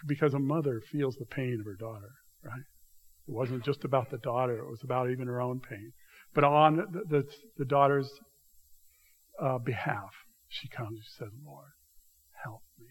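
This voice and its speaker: A man preaching a sermon in a church, swinging between loud, raised passages and hushed, quiet asides. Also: mid-range voice, normal speed. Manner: dramatic shifts between loud acted quotes and hushed asides. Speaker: pastor.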